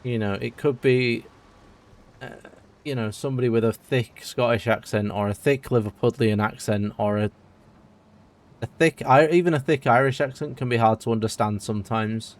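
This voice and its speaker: A man's voice: mid-range voice, moderate pace. A man from the UK streaming a farming game, chatting casually and rambling as he answers his viewers. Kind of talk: casual live-stream chat while playing.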